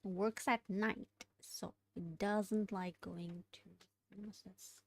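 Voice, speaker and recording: A woman studying a language aloud, thinking out loud, hesitating and correcting herself as she works through exercises. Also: mid-range voice, steady tone, slow. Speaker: language learner streaming study session. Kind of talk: casual study-along lesson.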